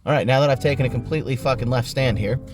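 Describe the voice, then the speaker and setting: A man's voice: mid-range voice, racing. Man, podcast host, casual recap, sarcastic, swearing, music behind. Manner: rambling, sarcastic and profane. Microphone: online voice call.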